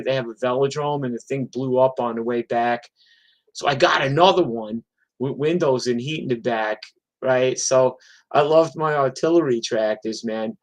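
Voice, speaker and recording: Profane rambling musician telling stories. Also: male voice, mid-range voice, low-quality recording. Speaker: touring musician. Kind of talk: casual storytelling on a livestream.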